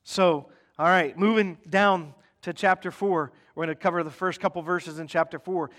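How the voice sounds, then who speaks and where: A man with a high voice preaches in a conversational way, often pausing to check in with his listeners. He slips into mock voices to act out their everyday complaints. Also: steady tone, a bit bright. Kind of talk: sermon.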